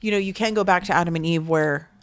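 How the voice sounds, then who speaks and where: Lower-voiced woman, close and dry. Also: quick pace, no room sound. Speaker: podcast co-host. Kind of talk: casual chat.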